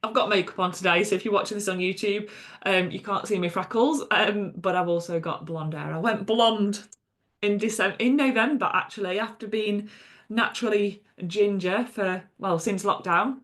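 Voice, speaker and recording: A woman's voice: medium pitch, normal speed, a bit bright. A woman hosting her own podcast as a coach, talking unscripted, chatty and emphatic, with lots of fillers and blunt swearing. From England. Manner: chatty and emphatic, frequent fillers and "okay?" asides. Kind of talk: unscripted solo podcast monologue.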